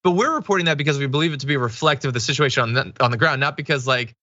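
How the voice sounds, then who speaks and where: A male co-host riffs through political commentary with sardonic, mocking asides. His voice is bright and forceful. The sound is dry and a little dull. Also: medium pitch, racing, dry recording.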